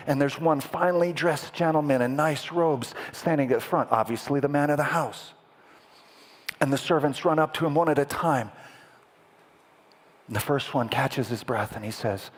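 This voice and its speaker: Husky preacher dramatizing a story. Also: male voice, medium pitch, normal speed. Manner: animated, dramatic narration with sound effects. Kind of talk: sermon storytelling. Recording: echoey hall with long reverb.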